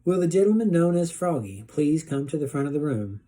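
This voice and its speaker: Man playing a soft-spoken fairy godmother grandma, dark, husky. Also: a little high, very animated, fairly quick, pitched above the performer's own voice. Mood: gracious. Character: kind grandmother fairy godmother, warm and proud.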